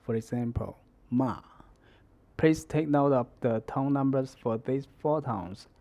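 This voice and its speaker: A man teaching a Mandarin lesson, explaining the tones in a measured, deliberate way. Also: mid-range voice, muffled recording. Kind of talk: scripted language lesson.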